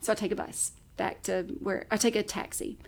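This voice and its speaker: A woman guesting on a podcast tells a personal story in casual, chatty conversation, laughing often and acting out her own past words. Her medium-pitched voice is brisk, with vocal fry.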